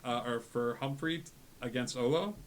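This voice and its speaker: A man running a tabletop game as game master, speaking in a relaxed way with many fillers. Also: mid-range voice, moderate pace, a little hiss or hum. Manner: relaxed, frequent filler words.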